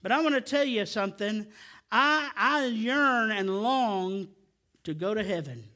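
Male preacher, middle-aged, bright and piercing, surging to near shouts then dropping low. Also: expressive, measured pace. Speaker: pastor. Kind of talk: sermon.

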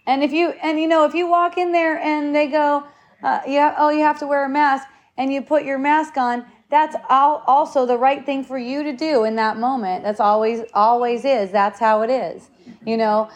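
A woman hosting a spiritual talk offers advice in an earnest, preachy but loose and casual way, dropping an occasional curse word. Her voice is fairly high and bright.

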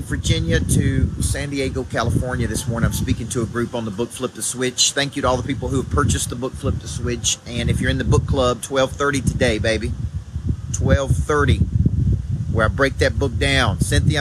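A man with a Southern accent, a motivational coach giving an energetic live morning talk to viewers, repeating key phrases and greeting people by name. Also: medium pitch, a little fast. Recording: loud background noise.

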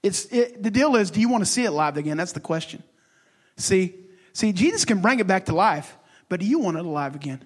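A man preaching a sermon with passion, swinging between loud bursts and hushed, halting asides. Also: sits high, very animated. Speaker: pastor.

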